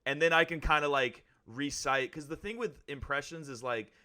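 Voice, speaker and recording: Podcast co-host, male, bright forceful tone, rambly and full of fillers. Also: a little high, moderate pace. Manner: rambling, hedging with many fillers. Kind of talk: casual chat.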